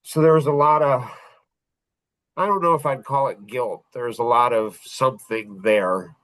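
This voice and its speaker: A podcast host telling a personal story in a reflective, halting way, with pauses and restarts. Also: male voice, medium pitch, a bit bright, no echo, low-quality recording.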